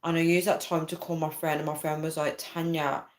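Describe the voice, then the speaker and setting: Chatty young woman vlogger, lowish voice. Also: level tone, quick pace. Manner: chatty, frequent "right?" and "guys", laughs often. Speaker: vlogger reading live chat. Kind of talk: casual storytelling chat.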